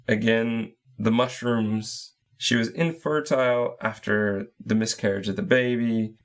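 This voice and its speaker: Man, low voice, casual podcast co-host, recapping a game plot, chatty. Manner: walks through the story point by point, quoting and laughing.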